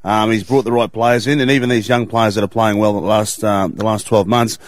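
A man's voice: on the low side, fairly even intonation, fairly quick, no echo. A man giving blunt, emphatic opinions as a panelist in a sports chat. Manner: blunt, emphatic, says mate a lot.

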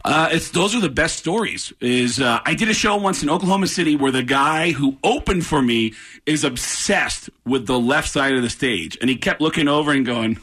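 A man, a comedian on a radio show in the studio, telling animated stories and acting out the people in them. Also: fairly high pitch, normal speed, husky. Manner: excitable, acts out voices in the story. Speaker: comedian guest.

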